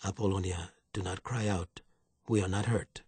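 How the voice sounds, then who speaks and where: A man reading aloud, voicing a hunted young fisherman who speaks in a low, solemn, quietly pleading way. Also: moderate pace, husky, no echo. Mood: grave.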